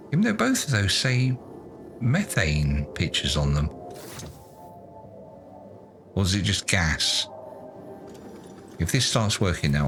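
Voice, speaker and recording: A man doing let's play commentary, muttering to himself in a self-mocking, exasperated way. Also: sits low. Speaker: gaming YouTuber.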